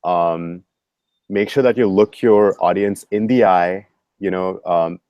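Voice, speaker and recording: A man giving students casual advice on presenting, measured and full of ums and you-knows. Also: low-pitched, steady tone, dry recording, dull audio. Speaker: guest speaker advising students.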